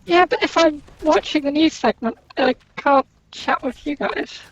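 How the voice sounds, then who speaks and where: A woman playing along on a gaming podcast, speaking hesitantly with halting pauses. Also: high-pitched, no room sound. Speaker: player on the podcast. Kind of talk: casual gaming chat. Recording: dry, slightly dull voice-call audio.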